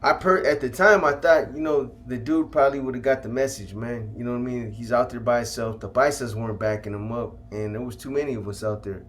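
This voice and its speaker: A man's voice: medium pitch, brisk, few pauses, a bit bright, slight background noise. A man telling stories from his past in a casual, laid-back way, dropping slang and ending lines with "man". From California. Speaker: storyteller recounting his past. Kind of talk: casual first-person storytelling.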